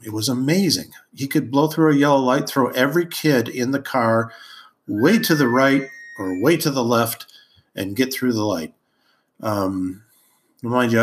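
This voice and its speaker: A man hosting a podcast, telling a childhood story in a rambling, amused way with many ums and uhs. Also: medium pitch. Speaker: podcast host. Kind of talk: casual storytelling monologue.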